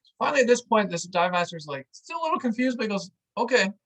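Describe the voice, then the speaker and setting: A vlog host telling a story out loud in a casual, animated way, full of "like"s and acting out what others said. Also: medium pitch, very fast, rough recording. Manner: animated, filler-heavy with many "like"s, acts out what people said.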